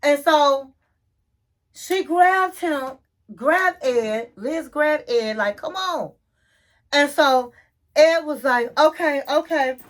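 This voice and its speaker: A woman giving a gossipy, animated recap of a reality TV episode. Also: high voice, drawn-out words. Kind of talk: casual recap commentary.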